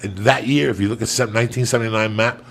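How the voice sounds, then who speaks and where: A man's voice: on the low side, fairly even intonation, fast talker, vocal fry, a bit bright, slight background noise. A man, a comedian and podcast host, telling a long profane story in a rambling, loose way.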